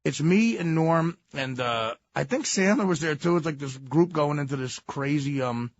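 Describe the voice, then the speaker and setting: A man telling casual, animated anecdotes, often breaking into laughter as he talks. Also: a little high, normal speed, a little hiss or hum. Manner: animated, laughing storyteller, full of fillers. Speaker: storyteller, guest. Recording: dull lo-fi sound.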